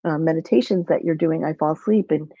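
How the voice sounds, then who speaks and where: A woman speaks in a gravelly, mellow voice, telling her story in a rambling way full of restarts. The sound is dry and muffled, like a lo-fi video call. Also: sits low, a little fast, no room sound. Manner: rambling, retells dialogue with many restarts. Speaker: guest. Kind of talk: personal storytelling in conversation.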